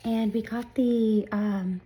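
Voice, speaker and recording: A woman doing a casual tarot reading at home, talking softly and often dropping to a whisper. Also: on the high side, fairly even intonation, takes it slowly, low-quality recording. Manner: soft-spoken, often hushed to a whisper. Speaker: tarot reader. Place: home room with sleeping dogs nearby.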